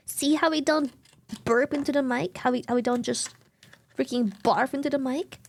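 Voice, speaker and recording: A woman's voice: high-pitched, takes it slowly, pauses often, darkish tone, a little hiss or hum. A young woman from Germany with a German accent, chatting casually on a live stream, giggling often and thanking viewers over and over.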